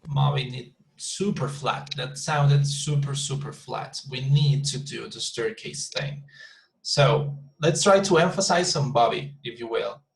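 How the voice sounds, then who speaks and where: A man teaching an online English class, patiently repeating example sentences slowly with the stress moved around. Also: medium pitch, vocal fry, poor audio.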